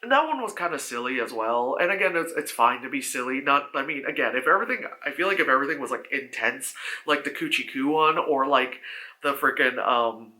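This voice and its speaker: This guy's movie review is brisk and animated, a loose ramble peppered with curse words and constant "like." When he mimics the characters, he suddenly shouts in a high voice.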